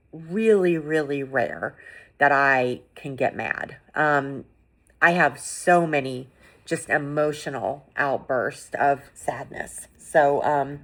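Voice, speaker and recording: A middle-aged woman hosting a podcast, talking in an earnest, conversational way with lots of fillers as she gently encourages listeners. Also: sits low. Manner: earnest, conversational, many fillers like "you know" and "like". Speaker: podcast host.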